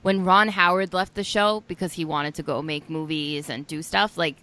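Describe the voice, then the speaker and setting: Low-voiced chatty young woman. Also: fairly even intonation, moderate pace, bright, forceful tone. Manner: chatty, lots of fillers. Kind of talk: casual chat.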